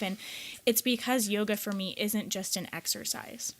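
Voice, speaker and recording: A young woman from the US Midwest, a podcast co-host and yoga teacher, telling a candid personal story in an earnest way, speeding up and rising as she relives moments. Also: mid-range voice. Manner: earnest, quickens and rises when reliving a moment.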